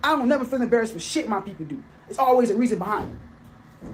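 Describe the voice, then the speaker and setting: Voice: mid-range voice, animated, quick pace, a little hiss or hum. Angry profane ranter in a played clip. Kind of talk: casual rant.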